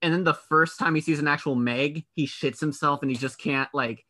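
A man's voice: on the high side, steady tone, a little fast, pushed and bright. A man co-hosting a casual movie podcast, rambling and playful, dropping into goofy impressions. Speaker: podcast co-host.

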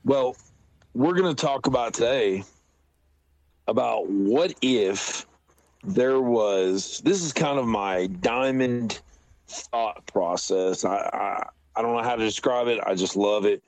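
Male podcast co-host, slow-paced, meandering casual talker, dead-dry close mic. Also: mid-range voice, a little mellow, dry recording. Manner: rambling, slow and halting, with restarts. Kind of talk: casual chat.

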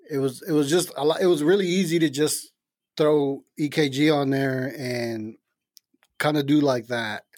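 A man's voice: medium pitch, a little mellow, no room sound, studio quality. A man guesting on a casual podcast, talking in a rambling way with many restarts. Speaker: podcast guest, beat producer.

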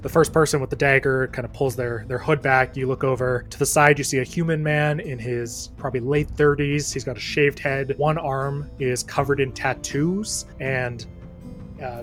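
A man at a middle, ordinary pitch narrates a tabletop game as dungeon master. He describes scenes at an easy pace, with plenty of "uh"s along the way. Faint guitar music plays behind him. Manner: relaxed, descriptive narration with frequent fillers.

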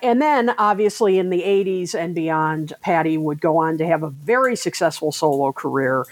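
A woman with a low-set voice co-hosts a music history podcast, talking in an informative, enthusiastic way. Her sound is dry and close. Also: lively intonation, normal speed, no room sound. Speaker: podcast co-host. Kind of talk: casual music history chat.

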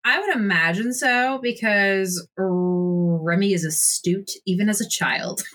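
A young woman playing in a tabletop game, chatting casually, swearing and reacting loudly. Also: medium pitch, slow pace, faint music behind. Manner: swearing, loud and laughing reactions. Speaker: player. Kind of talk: casual role-play chat.

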